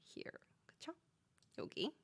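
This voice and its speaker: A woman's voice: fast talker, a bit bright, whispered. A Korean woman teaching her language on a live stream, reading viewer questions aloud and explaining patiently with a Korean accent.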